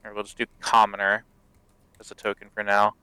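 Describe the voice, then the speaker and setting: Low clear-voiced guy narrating a dnd dungeon, lots of ums, dry sound. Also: completely flat delivery, brisk, sharp tone, no room sound, rough recording. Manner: hesitant, many fillers. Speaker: dungeon master. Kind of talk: narrating a tabletop game.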